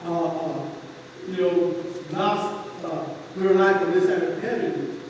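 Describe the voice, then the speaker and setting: A man's voice: on the high side, takes it slowly, a little mellow, highs cut off. A middle-aged man preaching an informal sermon in a church, earnest and conversational with homey humor. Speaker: pastor. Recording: echoey hall, voice from far off, faint noise.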